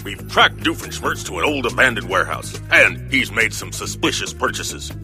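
Low, animated cartoon spymaster; brisk orders over guitar music. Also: male voice, full character voice. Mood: commanding. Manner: brisk, commanding briefing tone. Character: gruff middle-aged male spy chief giving briefings.

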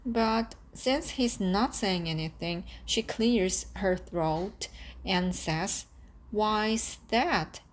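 A woman reading a first-person story aloud with calm, steady storytelling. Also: mid-range voice, slow pace, slight background noise. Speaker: audiobook narrator. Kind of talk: first-person audiobook narration.

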